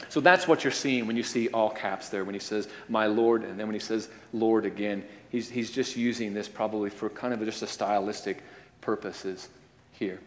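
A man preaching a sermon, earnest and emphatic, calling his listeners friends as he explains scripture. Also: medium pitch. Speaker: pastor. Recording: long hall reverb.

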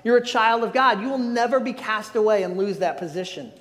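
A man's voice: high voice, a little fast, a bit bright. A pastor preaching a sermon, earnest and emphatic, often restarting his phrases. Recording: long hall reverb.

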